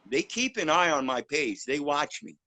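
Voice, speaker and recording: A blunt man talks in an emphatic, preachy way and curses freely. His voice sits on the high side and has a bright, forceful edge. The sound is dry and close. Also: big pitch swings, moderate pace, no echo, low-quality recording. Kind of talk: casual chat.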